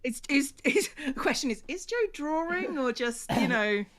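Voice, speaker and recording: English woman, near-RP accent, bright tone, laughs a lot, chatty streamer. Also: high-pitched, lively intonation. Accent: near received pronunciation English. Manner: giggly, quick to laugh; chatty, thanks viewers. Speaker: streamer and co-host. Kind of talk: casual livestream chat.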